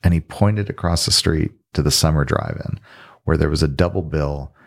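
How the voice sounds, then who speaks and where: A man from the American South, a film director as guest, telling animated stories in casual conversation in a podcast studio. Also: very deep voice, moderate pace, creaky. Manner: animated anecdote-teller, trails off and restarts. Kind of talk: casual storytelling in an interview.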